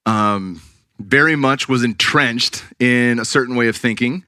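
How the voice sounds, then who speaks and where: A man's voice: medium pitch, unhurried, pushed and bright, no room sound, clean studio sound. A man from the California Bay Area hosting a podcast, talking casually and bluntly and swearing freely. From California Bay Area, USA. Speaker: podcast host.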